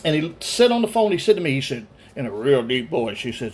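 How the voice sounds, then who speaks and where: A man's voice: medium pitch, very animated, a little fast. A man in his forties, a pastor earnestly telling a personal story during a Bible study. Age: 40s.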